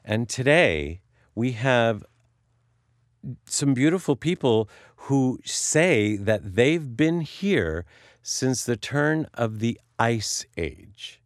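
A man's voice: mid-range voice, expressive, extremely slow, dry recording, clean studio sound. A man hosting a radio talk show, earnest and emotional, telling a personal story with frequent restarts, a native Sicilian speaker. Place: radio studio.

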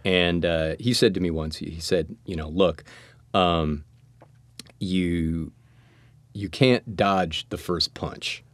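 A man's voice: low voice, takes it slowly, no room sound. A man, an actor, telling stories in an interview and acting out the voices of the people in them. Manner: animated storyteller acting out voices. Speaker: actor guest. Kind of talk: storytelling interview.

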